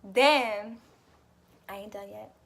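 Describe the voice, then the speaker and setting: A young woman telling a story in a casual vlog, animated and chatty, swearing freely and laughing often. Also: medium pitch, takes it slowly, vocal fry. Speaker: vlogger.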